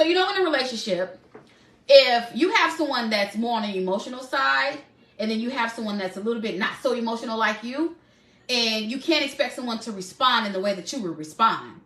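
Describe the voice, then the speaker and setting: A woman's voice: high-pitched, bright, forceful tone, roomy sound. A woman hosting a live stream, speaking candidly and emotionally to her viewers and calling them y'all.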